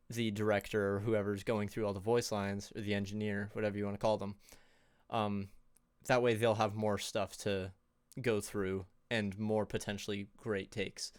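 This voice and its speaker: A man's voice: on the low side, flat delivery, moderate pace, smooth, no echo, studio quality. A man casually presenting tips on a livestream in a loose, chatty way, full of fillers and little laughs. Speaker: co-host presenting on sound design.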